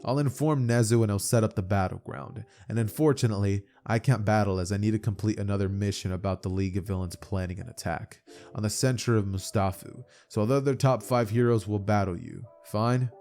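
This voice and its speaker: Here a man with a lowish, warm, fairly even voice speaks fairly quickly as he casually retells a fan-made anime story at home for YouTube. The telling is loose, riddled with fillers, and "as from here" comes up again and again.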